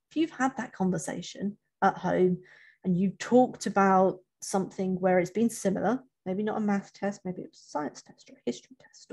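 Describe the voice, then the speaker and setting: A woman's voice: medium pitch, a little mellow. A woman who coaches children for interviews, talking casually on a webinar and often restarting her sentences. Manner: chatty, self-correcting, many restarts.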